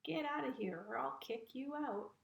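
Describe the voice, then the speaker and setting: A woman's voice: high voice, normal speed, creaky. A woman storyteller voicing a rude, bossy male little ram that scolds everyone who comes near, in a roomy space. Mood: scolding. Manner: scolding, blustering. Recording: roomy echo.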